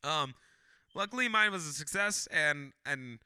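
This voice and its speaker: Bright, higher-voiced swearing man. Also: expressive, unhurried, smooth, no echo, studio quality. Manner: profane, jokey banter. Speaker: podcast co-host. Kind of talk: casual chat.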